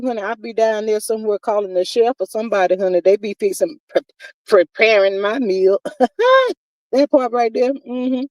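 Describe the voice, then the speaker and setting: A woman with a medium-pitched, slightly stuffy voice from her sinuses hosts a casual livestream. She reads chat comments with sass and animation, drawling words like "honey" and "child." The recording is low quality but has no echo.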